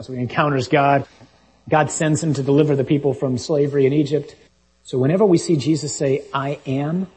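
Mellow-voiced man preaching a sermon. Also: mid-range voice, poor audio. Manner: emphatic, reads scripture aloud with rising, punchy delivery.

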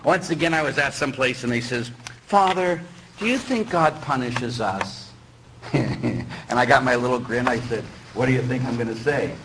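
A middle-aged man, a Catholic priest, giving a lively, teasing sermon in which he acts out the voices of the people he quotes. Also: medium pitch, moderate pace, noisy background.

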